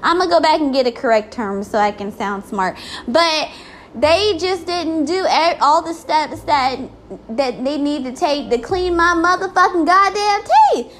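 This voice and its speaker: High-voiced woman venting, profane. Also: animated, a little slow, a little hiss or hum. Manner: profane, exasperated ranting. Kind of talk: casual venting vlog.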